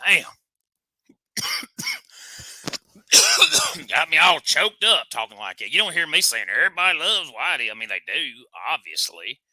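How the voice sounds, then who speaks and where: A man's voice: on the high side, wildly swooping pitch, slow, pauses often, bright, forceful tone, dry recording. A man hosting a comic show, needling his guest in boastful country banter. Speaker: host.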